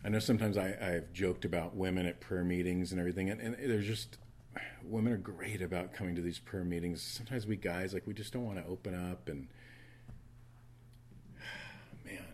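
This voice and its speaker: In church, a male pastor with a low voice preaches a sermon, telling a Bible story full of animated asides and quick character voices. Slight background noise can be heard.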